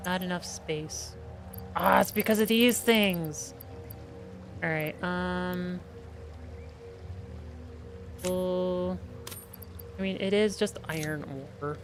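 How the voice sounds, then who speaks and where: A woman's voice: on the low side, slow pace, pauses often. A woman streaming a game from her home office, chatting casually, answering her chat and talking to her cat. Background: background music.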